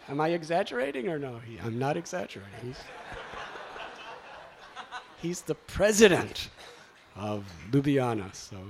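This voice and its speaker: A man telling a story to a gathering, animated and exclamatory as he acts out the sounds. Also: sits high, vocal fry, background noise. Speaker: spiritual speaker.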